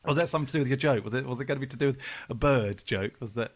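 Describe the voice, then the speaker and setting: A man with a medium-pitched, racing voice co-hosts a casual podcast chat. He tells long, rambling stories, swears freely, and keeps restarting his sentences.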